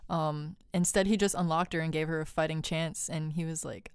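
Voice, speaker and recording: A woman's voice: deep voice, a little fast, smooth, dry recording, studio quality. A woman co-hosting a casual podcast about a TV show, speaking thoughtfully with lots of "like". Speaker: podcast co-host. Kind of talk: casual TV discussion.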